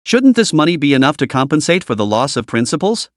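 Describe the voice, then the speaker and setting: Brief: smooth male spy agent, confident and persuasive, read by a man, slightly high voice, dry. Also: sing-song, fast, no echo.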